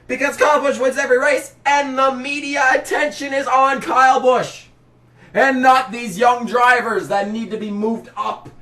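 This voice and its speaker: A man delivering a sarcastic, exasperated rant about motorsport, breaking into shouts now and then. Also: very high voice, fairly even intonation, normal speed, far from the mic. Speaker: racing commentary vlogger. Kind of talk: ranting commentary. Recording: roomy, set back from the mic.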